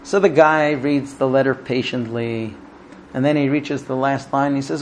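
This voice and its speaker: A man giving a Talmud class, telling stories with vivid, animated intonation and conversational fillers. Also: medium pitch, moderate pace, slight background noise. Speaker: Torah teacher.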